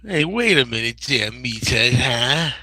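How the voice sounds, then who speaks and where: A man doing a quick impression of a blustering, gruff middle-aged sitcom dad with a loud, scolding drawl. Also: medium pitch, lively intonation, no room sound, full character voice.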